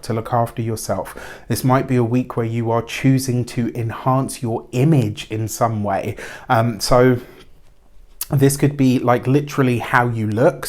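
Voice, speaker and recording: A man giving a weekly tarot reading in a chatty, rambling way, with spiritual phrasing and frequent fillers. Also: medium pitch. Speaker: tarot reader.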